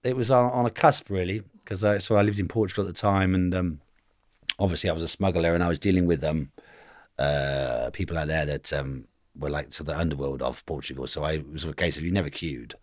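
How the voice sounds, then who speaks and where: A man's voice: extremely low pitch, brisk, dry recording, clean studio sound. A man in his fifties from England, telling stories as a guest in a casual interview, rambling and acting out the voices of the people he quotes. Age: 50s.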